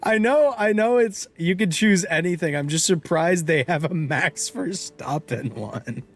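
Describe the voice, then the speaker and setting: While live-streaming a game, a young man with a fairly high voice chats casually at a slightly slow pace, rambling, laughing often, breaking off mid-sentence, and hiccupping. Soft music plays in the background.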